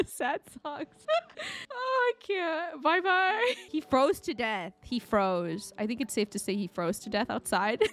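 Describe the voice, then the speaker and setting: Lively woman streaming a game, laughing often. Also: high-pitched. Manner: animated, laughs often, talks to chat. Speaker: streamer playing a life-sim game. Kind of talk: casual live-stream commentary. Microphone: desk microphone.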